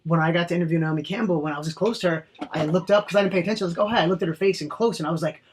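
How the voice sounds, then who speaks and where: A man, a TV host, telling a lively anecdote and acting out the dialogue as a guest on a talk show. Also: a little high, very fast, a little hiss or hum.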